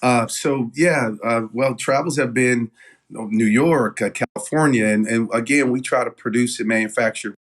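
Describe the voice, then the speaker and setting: A man, a business owner telling stories as an interview guest in a casual, animated way with lots of fillers and restarts. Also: medium pitch, normal speed. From Knoxville, Tennessee.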